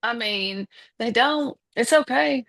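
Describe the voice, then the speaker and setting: A woman's voice: a little high, slow, vocal fry, a bit bright. A woman in her fifties with a Southern American accent, talking as a podcast guest in a hesitant way, full of restarts and fillers. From Southern United States. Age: 50s. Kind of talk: casual conversation.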